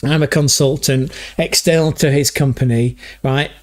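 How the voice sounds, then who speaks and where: A man's voice: medium pitch, fairly even intonation, normal speed. A man from England hosting a livestream, rambling through stories in a loose, sweary, casual chat. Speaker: livestream host.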